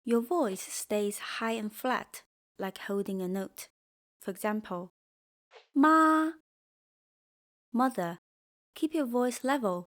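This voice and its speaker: A woman teaching a pinyin lesson, speaking slowly and clearly and leading repeat-after-me drills. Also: mid-range voice. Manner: slow, clear, drills repetition. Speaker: Mandarin teacher. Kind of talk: scripted language lesson.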